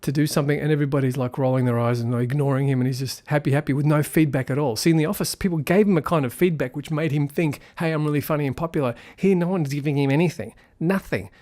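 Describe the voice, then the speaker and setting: A man with a fairly high voice giving an unscripted film review. He rambles and thinks aloud, and his tone stays critical throughout. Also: fast, hardly any pauses, a little mellow. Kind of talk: casual spoken film review.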